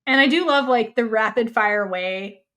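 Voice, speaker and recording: A woman co-hosting a podcast in casual chat, animated, acting out characters' lines with sudden jumps in pitch. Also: normal speed. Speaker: podcast co-host.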